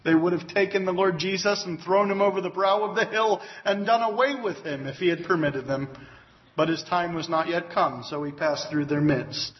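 A man's voice: sits high, normal speed. A man preaching an expository Bible sermon in an earnest, emphatic way, with exclamations of praise. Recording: dull lo-fi recording.

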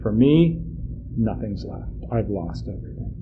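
A man voicing a weary, grieving aged father, speaking quietly and slowly. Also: medium pitch, expressive, phone-quality sound, noisy background. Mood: despairing. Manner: quiet, slow and heavy.

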